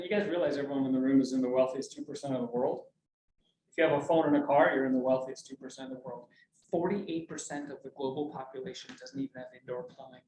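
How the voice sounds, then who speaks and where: A man's voice: sits high, expressive, fast, a little mellow. A man giving a motivational talk to a business group in a meeting room, jokey and full of questions to the audience. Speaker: speaker. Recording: roomy, mic from a distance, faint hum.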